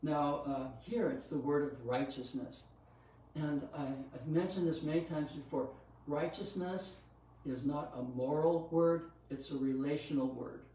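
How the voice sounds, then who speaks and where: A man's voice: a little high, steady tone, unhurried, mellow. A man preaching a sermon, teaching earnestly about Scripture with some fillers and restarts. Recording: very echoey room, from a distance.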